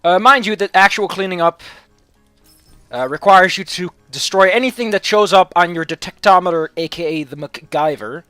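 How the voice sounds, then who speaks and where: A man's voice: high-pitched, moderate pace, sharp tone, dry recording, faint music behind. A man giving casual gameplay commentary as a let's play host, with sarcastic, mock-villainous rants and swearing.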